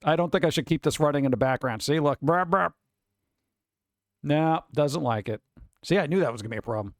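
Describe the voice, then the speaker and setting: A man's voice: on the high side, quick pace, no room sound, clean studio sound. A man rambling casually on a live stream, reading out list items and riffing on them in an offhand way.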